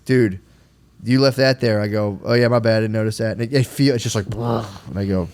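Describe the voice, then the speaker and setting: A man's voice: on the low side, steady tone, a little fast, darkish tone. Swearing man, chatty "dude" storyteller. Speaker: podcast co-host. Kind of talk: casual chat.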